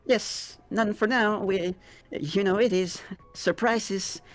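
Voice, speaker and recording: A woman's voice: mid-range voice, takes it slowly, soft background music. A woman playing a tabletop game, talking hesitantly with many fillers. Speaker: player. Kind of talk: tabletop role-play.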